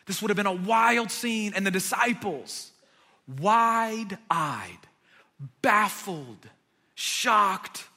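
A man's voice: high voice, animated, slow pace, bright, forceful tone. A male pastor giving a sermon, telling the story dramatically as his voice swells and sinks to near whispers. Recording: long hall reverb.

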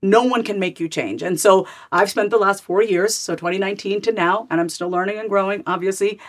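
A woman in her forties, a podcast guest, telling her own story candidly and lively, jumping up and down in pitch as she replays her old thoughts. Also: brisk. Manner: animated, swings pitch widely to act out her own past thoughts.

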